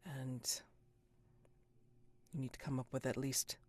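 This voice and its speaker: A woman narrating as game master of a tabletop role-playing game, deliberate and dropping to a hush for suspense. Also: a bass voice, flat delivery, breathy edge.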